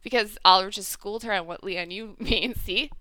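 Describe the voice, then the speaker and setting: A woman co-hosting a casual chat, recapping a show in a lively storytelling way and acting out the characters' lines. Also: mid-range voice, fairly quick, dry recording. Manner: animated storyteller, acts out characters in loud exaggerated voices. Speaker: podcast co-host recapping a TV episode.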